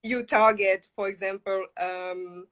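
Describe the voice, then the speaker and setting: A woman's voice: medium pitch, steady tone, takes it slowly, a crowd in the background. A woman guest giving job-search advice in an interview, hesitant, searching for words with fillers. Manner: hesitant, many fillers and restarts while thinking. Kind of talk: casual interview chat.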